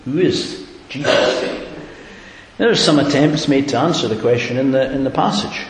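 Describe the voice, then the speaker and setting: A man's voice: mid-range voice, fast talker. A man preaching a sermon earnestly, building to emphatic repeated questions. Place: church hall. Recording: echoey hall with faint hiss.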